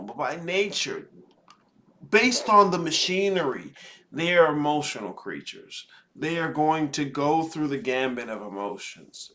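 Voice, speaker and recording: A man hosting, giving slow, reflective commentary with sighs and pauses. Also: a little high, bright, forceful tone. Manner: slow, deliberate, sighing pauses. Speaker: host commenting on a podcast clip.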